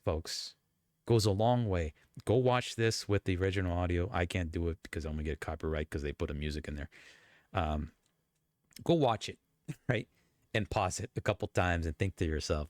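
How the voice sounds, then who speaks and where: A man with a low voice that jumps around a lot in pitch, talking casually through a reaction. He is chatty and animated, and the sound is dry and close. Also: normal speed, long pauses, dry recording. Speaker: YouTube commentator.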